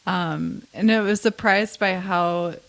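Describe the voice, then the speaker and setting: A woman's voice: lowish voice, takes it slowly, creaky, a bit bright. A woman hosting a podcast, chatting in a casual, curious way with her guest and laughing often. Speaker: podcast host. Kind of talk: casual interview chat.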